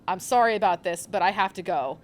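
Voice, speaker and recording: A woman's voice: mid-range voice, brisk, close to an everyday voice. A woman voicing an earnest teenage girl who pleads with a friend, protective and urgent.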